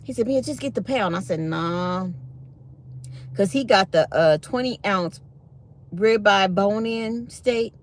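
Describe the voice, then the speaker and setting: A woman's voice: mid-range voice, slow pace, slight background noise. A middle-aged woman tells a story to her live-stream viewers in a casual, chatty way. She acts out both sides of a conversation with plenty of life. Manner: chatty, animated retelling of dialogue, reads chat aloud.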